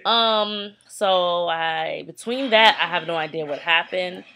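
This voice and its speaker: A young woman casually telling a personal story to camera, animated and chatty, acting out what people said. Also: fairly low pitch, slow pace. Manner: chatty, animated retelling with quoted voices. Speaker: vlogger.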